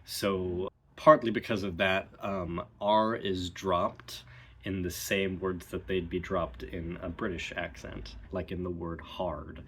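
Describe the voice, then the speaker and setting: A man giving a relaxed, explanatory video lesson as a dialect coach, pausing often with ums. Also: low-pitched, husky.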